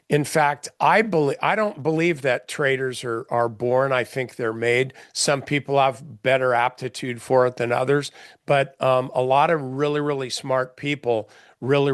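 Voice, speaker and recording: A man's voice: mid-range voice, fairly bright tone, no room sound, studio quality. A middle-aged man, a trading mentor, giving blunt, folksy market commentary in a casual session, with many fillers and restarts.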